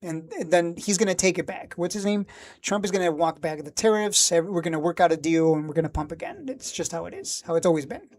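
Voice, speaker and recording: A man hosting a live stock chat, answering viewers with blunt verdicts and jokes. His voice is mellow and on the darker side. He often trails off mid-thought and circles back. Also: on the high side, fast talker, no echo. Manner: blunt, joking, laughs often, trails off and restarts. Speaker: stock market livestream host.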